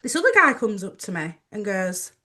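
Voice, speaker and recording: A woman's voice: mid-range voice, sing-song, moderate pace, sharp tone. A woman co-hosting a chatty podcast, telling stories and laughing often. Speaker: podcast co-host. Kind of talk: casual chat.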